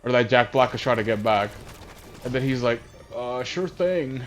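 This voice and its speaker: A man casually recapping a movie while playing a game, rambling and halting, often distracted. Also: mid-range voice, little pitch movement, fairly bright tone, a little hiss or hum. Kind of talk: casual chat. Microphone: console voice chat headset. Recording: dull lo-fi voice chat audio.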